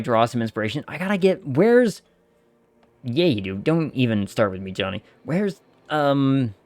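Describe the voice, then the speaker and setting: A man's voice: medium pitch, no room sound. A man streaming a game, chatting loosely with viewers and swearing casually. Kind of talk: casual gaming stream chat.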